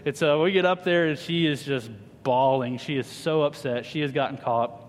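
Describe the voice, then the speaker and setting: Animated preacher in a reverberant hall. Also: male voice, a little high, normal speed. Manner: animated, humorous storyteller addressing a congregation. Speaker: pastor. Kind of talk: sermon with personal storytelling. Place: church hall.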